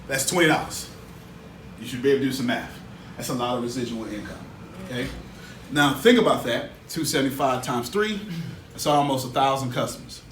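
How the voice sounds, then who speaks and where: Male coach for a live seminar, energetic, slangy, mid-pitched, recorded in an echoey room from a distance. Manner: energetic, colloquial, call-and-response with audience. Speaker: business coach. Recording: echoey room, mic far off, faint hiss.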